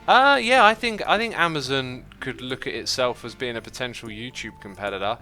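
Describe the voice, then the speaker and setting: A man hosts a gaming livestream, answering chat in a loose, rambling way full of fillers and restarts. His voice is bright and forceful at a medium pitch. Faint music plays behind him. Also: expressive, moderate pace, hardly any pauses. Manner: thinks aloud with many fillers and restarts.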